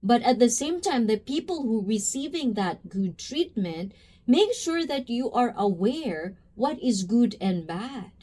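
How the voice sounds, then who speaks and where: A woman hosts a casual livestream, talking to her chat in an unhurried way. Her voice sits fairly high and swings up and down. She greets her viewers by name as she goes. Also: sing-song, mellow. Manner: chatty, addresses viewers by name. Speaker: livestream host reacting to chat.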